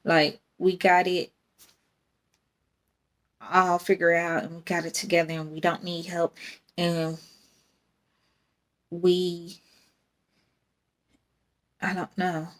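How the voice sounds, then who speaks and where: A woman's voice: fairly low pitch, level tone, takes it slowly, pauses often. A young adult woman, hosting a casual faith podcast in a rambling, candid way and laughing often. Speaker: podcast host.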